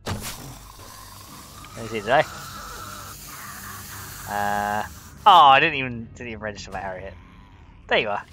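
A young man giving a let's play commentary, chatting as he plays with sudden excited exclamations. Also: on the low side, unhurried, long pauses, faint music behind. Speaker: gaming video host. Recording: game sounds with insect buzz behind.

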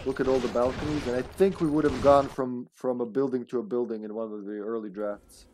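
A man streaming a video game live, chatting casually and playfully, breaking into excited shouts. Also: medium pitch, a little fast, background noise. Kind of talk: live gameplay commentary.

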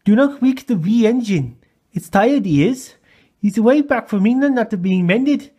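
A man voicing a gruff, easily offended tank engine from a storybook, with a husky, lively voice. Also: high voice, moderate pace, voice pushed up. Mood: hushed scolding. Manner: dialect-heavy, indignant.

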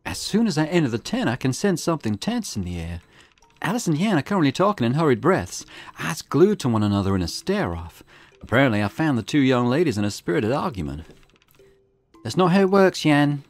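A man's voice: medium pitch, very animated, fast talker, dry recording, faint music behind. Man narrating a detective visual novel. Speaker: let's play host.

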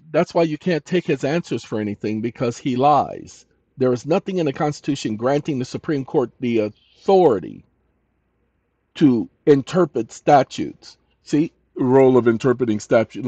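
A man hosting a ranting commentary, dictating replies with punctuation spoken aloud and shouting commands. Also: mid-range voice, no echo, highs cut off. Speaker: channel host.

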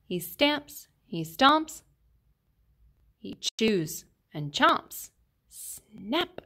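A woman reading a children's picture book aloud in an expressive, sing-song storytelling manner. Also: a little high, drawn-out words. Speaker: storybook reader.

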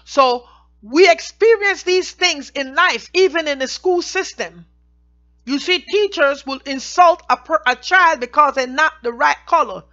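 A woman teaches scripture in a high, bright voice. She reads each verse slowly, then explains it in plain, everyday words. The recording sounds dull and lo-fi. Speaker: Bible teacher.

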